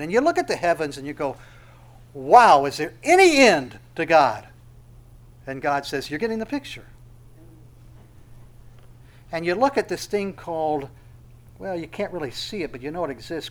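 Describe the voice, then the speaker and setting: Preacher swinging between hushed and emphatic. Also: male voice, fairly high pitch. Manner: slows to stress scripture phrases. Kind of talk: expository sermon.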